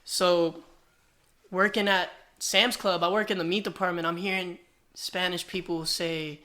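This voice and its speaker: A man with a bright, forceful voice chats on a podcast, spinning animated stories and acting out the back-and-forth he recalls. His tone stays lively and conversational. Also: high voice, a little slow. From New Jersey, US. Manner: animated storytelling, acts out quoted exchanges. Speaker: rapper guest. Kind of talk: casual podcast chat.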